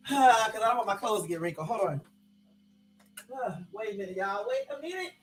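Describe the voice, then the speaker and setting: A woman's voice: medium pitch, lively intonation, brisk, soft background music, rough recording. Laughing woman in late-night chat. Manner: laughing, addresses viewers as y'all, rambling. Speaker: vlogger. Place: at home.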